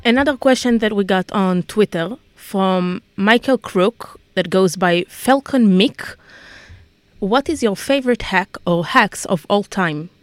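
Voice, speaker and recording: A woman moderating a live podcast panel, reading out audience questions in an even manner. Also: medium pitch, unhurried, dry recording.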